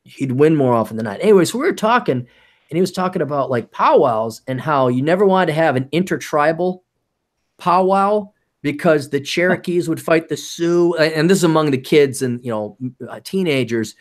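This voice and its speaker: A man's voice: fairly high pitch, expressive, brisk. A man hosting a podcast in casual, profane chat, often slipping into put-on voices. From American. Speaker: podcast host.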